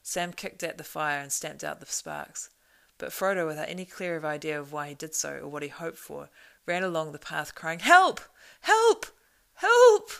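Reading a storybook for an audiobook, the narrator keeps a measured, expressive pace; her gravelly rasp never wavers, and her pitch sits low for a woman.

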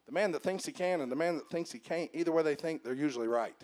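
High-voiced man preaching with fervor. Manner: shouts and slows for emphasis, then drops to quiet asides; addresses the congregation directly with humor. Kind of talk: sermon.

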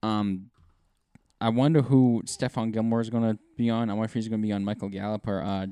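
A man's voice: lowish voice, fairly even intonation, brisk, warm tone, clean tone, no echo. A man co-hosting a casual sports podcast, rambling with lots of fillers and restarts. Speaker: podcast co-host.

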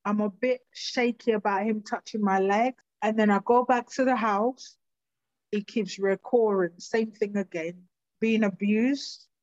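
A woman giving halting, emotional personal testimony in an interview. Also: mid-range voice, fairly even intonation, a little mellow, dry recording, dull audio. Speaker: interview guest.

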